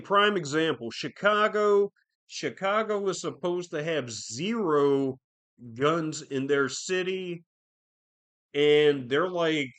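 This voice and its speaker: Running a podcast alone, a man with a somewhat high, slightly bright voice rambles through laid-back commentary. He swears constantly and uses plenty of fillers.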